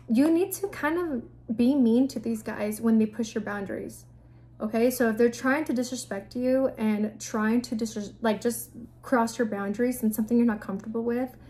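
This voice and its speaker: A young woman vlogger with a fairly high, warm voice gives frank, no-nonsense advice directly to the camera. Her delivery is casual and blunt, sprinkled with fillers and mild profanity.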